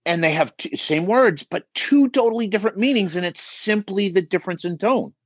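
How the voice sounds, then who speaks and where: A man's voice: high-pitched, lively intonation, a little fast, a bit bright, dry recording. A middle-aged man giving emphatic coaching advice on a podcast, often checking in with "right?". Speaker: business coach guest.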